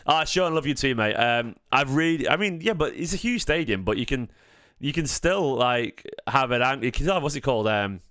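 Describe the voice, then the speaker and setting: A man's voice: medium pitch, no room sound. Guy, fan channel host, casual banter, dry close sound. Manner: chatty, jokey, quick to get excited. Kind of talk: live watchalong chat.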